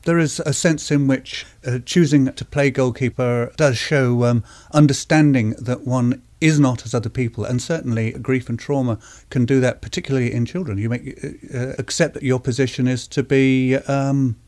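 Halting, thoughtful male interviewee. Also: medium pitch, steady tone, a little mellow. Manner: thoughtful, halting with many fillers. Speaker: author interviewed about goalkeeping. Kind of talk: reflective interview talk.

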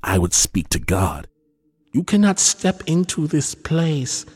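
A man voicing a stern male temple elder who speaks slowly and reproachfully. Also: on the high side, wildly swooping pitch, slightly rough, voice pushed up, heavily acted. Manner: slow, reproachful, hushed.

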